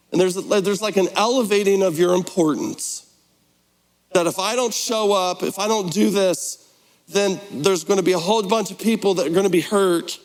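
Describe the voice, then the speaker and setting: A man's voice: high-pitched, moderate pace, big-room sound, poor audio. A man preaching a sermon as pastor, in a conversational, playful way, slipping into mock voices. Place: church sanctuary.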